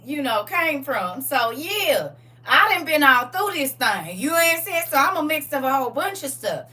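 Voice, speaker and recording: Bright-voiced woman teasing her livestream chat. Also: high voice, very animated, moderate pace, distant mic. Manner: playful and joking, laughs often, drawling and teasing. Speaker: livestream host leading a reading. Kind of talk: casual livestream teaching, talking to chat.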